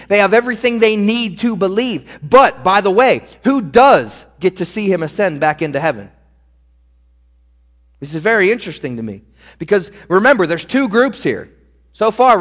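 This pastor's voice sits high and has a slightly bright quality. He preaches a sermon earnestly and directly, addressing the congregation straight on, and the recording carries a long hall reverb.

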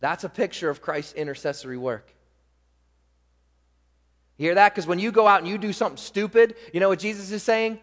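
A man preaching a sermon as pastor, pressing hard on key words and then dropping to quiet asides. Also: high voice, fairly quick, long pauses. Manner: emphatic, swings between loud stresses and quiet asides. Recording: long hall reverb.

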